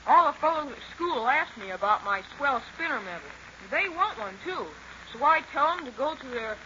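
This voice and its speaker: A man's voice: very high voice, sharp tone, slight background noise, exaggerated voice. A performer playing an eager young boy reading his fan letter on a 1930s radio show. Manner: eager, enthusiastic. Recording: muffled old radio recording.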